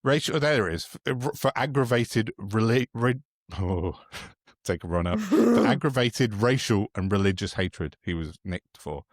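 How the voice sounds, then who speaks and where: A man's voice: medium pitch, big pitch swings, a little slow, no echo, studio quality. A man co-hosting a podcast, telling stories in a mocking, sweary, casual way. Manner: sweary, mocking, chatty storytelling. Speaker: podcast co-host. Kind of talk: casual political chat.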